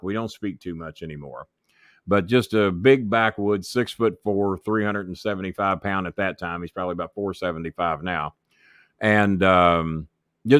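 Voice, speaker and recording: Middle-aged man, low voice, dry close sound; raunchy storyteller who swears freely and does voices for the people in his tales. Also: a bit bright, no room sound. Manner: swears freely, acts out others' voices, laughs mid-story. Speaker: wrestling manager and commentator guest. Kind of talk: profane storytelling in an interview.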